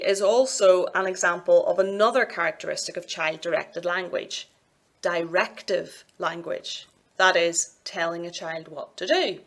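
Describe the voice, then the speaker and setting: In this recorded university lecture, a woman with a Scottish accent explains the material in a clear, measured way, slipping into sing-song for her examples. Her pitch is on the low side.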